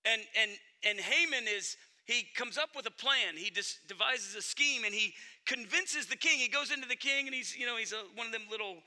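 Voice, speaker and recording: High bright-voiced male preacher. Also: brisk, few pauses. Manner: earnest, emphatic, addresses the congregation directly. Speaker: pastor. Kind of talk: sermon.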